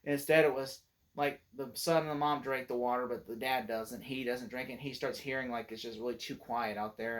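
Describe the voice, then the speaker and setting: A man casually retelling a film's plot for a review, rambling with many filler words and restarts, excited about the scenes he loves. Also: medium pitch. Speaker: movie reviewer. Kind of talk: casual spoken movie review.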